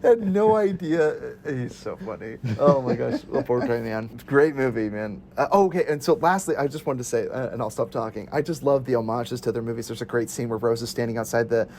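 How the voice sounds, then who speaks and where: A man co-hosting a casual podcast chat about films, enthusiastic and quick to laugh as he relives favorite scenes. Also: mid-range voice, lively intonation, a little mellow. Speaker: podcast co-host reviewing films.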